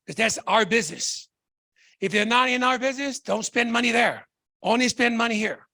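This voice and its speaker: A man giving an excitable, repetitive sales pitch to an audience, calling them folks and guys. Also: normal speed. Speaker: business presenter.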